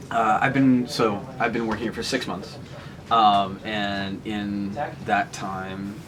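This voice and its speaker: A young man who works at a game store, speaking hesitantly with many fillers in an interview. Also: lowish voice. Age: young adult. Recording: crowd chatter behind.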